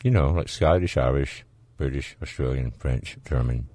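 Southern male radio host, very low voice, folksy, dry close sound. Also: normal speed, mellow, dry recording. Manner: folksy, chatty, laughs easily. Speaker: radio call-in show host. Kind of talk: casual call-in radio chat.

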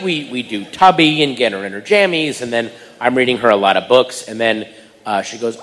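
A man doing stand-up, telling a family story and switching into loud voices for the people in it. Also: mid-range voice, moderate pace, in a large hall. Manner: animated, breaks into loud voices for others. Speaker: stand-up comedian.

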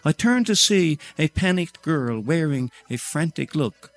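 An older man, a storyteller reciting a rhyming tale in a steady rhythm. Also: on the high side, unhurried, soft background music.

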